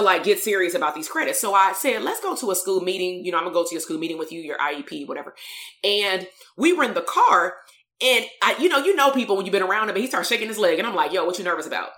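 A woman therapist from Compton, telling a story in an animated way, full of slang and fillers. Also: medium pitch. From Compton, California. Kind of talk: storytelling talk.

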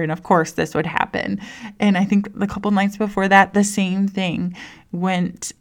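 A woman's voice: mid-range voice, level tone, a little slow. A young woman and mother talking casually to listeners about parenting, chatty and full of "like" and restarts. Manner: chatty, says "like" constantly, restarts often. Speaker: mom sharing parenting stories. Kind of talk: casual personal talk to listeners.

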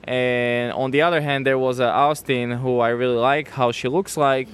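A man with a foreign accent telling a casual story as a guest, halting, with non-native grammar and restarts. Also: mid-range voice, fairly even intonation, clear, resonant tone. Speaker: guest telling how he met his partner.

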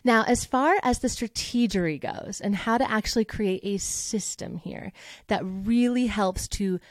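A woman's voice: mid-range voice, a little slow, no echo, clean studio sound. A woman hosting a podcast as a voice teacher, talking in a casual, upbeat and motivational way and acting out the thoughts she quotes. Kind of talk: casual solo podcast talk.

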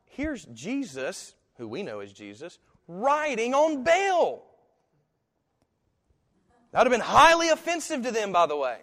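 A man preaching a sermon as pastor, talking in a conversational, animated storytelling way with asides. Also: very high voice, measured pace, long pauses. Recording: echoey hall.

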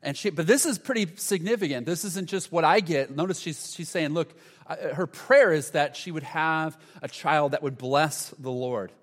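Earnest pastor preaching in an echoey hall. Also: male voice, fairly high pitch, moderate pace. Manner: earnest, with frequent restarts; drops to a soft hush for quoted prayers. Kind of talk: sermon. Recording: long hall reverb.

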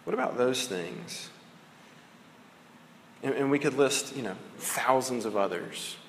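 A man's voice: mid-range voice, measured pace, slight background noise. A man in his thirties preaching a sermon in a conversational way, with fillers and restarts. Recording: echoey hall with long reverb.

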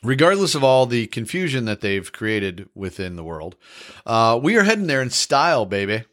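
A man's voice: mid-range voice, very animated, moderate pace, fairly bright tone. A man co-hosting a casual chat podcast, explaining things earnestly and turning playful. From American Midwest. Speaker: podcast co-host.

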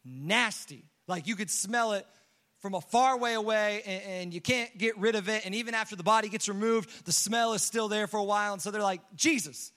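A young man preaching a sermon, telling a story with lively acted-out quotes and casual fillers. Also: high-pitched, brisk. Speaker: pastor.

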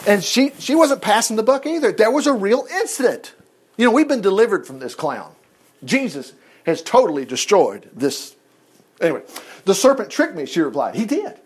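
This man's voice sits high and slightly rough, very animated at a moderate pace. He's preaching a sermon, reading scripture aloud and breaking off into folksy, exclamatory asides aimed straight at his congregation.

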